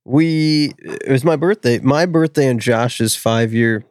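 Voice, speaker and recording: A man's voice: medium pitch, takes it slowly, a little mellow, no echo, clean studio sound. A man chatting casually on a podcast, brash, profane and enthusiastic. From northern suburbs of Chicago. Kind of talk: casual chat.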